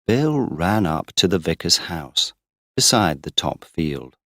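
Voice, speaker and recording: A deep-voiced male narrator reads a storybook slowly and deliberately, pitched for learners. The recording is dry and close, with no room around the voice. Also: very animated, sharp tone, dry recording. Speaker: audiobook narrator. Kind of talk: slow scripted narration for English learners.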